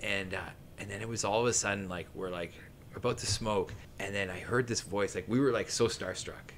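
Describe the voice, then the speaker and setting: A man's voice: on the low side, fairly quick, a bit bright, slight background noise. A man in his late thirties from southern Ontario, a guest musician telling a long story on a podcast in a rambling, profane way, full of fillers and laughter.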